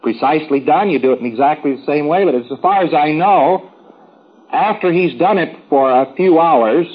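A man's voice: a little high, moderate pace, slightly rough, phone-quality sound. A man giving a rambling, folksy, informal lecture to trainees, with wry asides.

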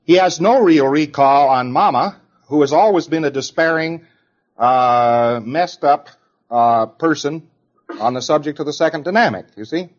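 A man's voice: fairly high pitch, normal speed, lo-fi sound. A man giving an informal lecture in a conversational, digressive way, now and then acting out example voices.

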